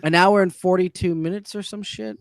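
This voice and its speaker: A man's voice: high voice, fairly even intonation, brisk, dry recording. A man co-hosting a casual livestream chat, laid-back and self-deprecating. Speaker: co-host.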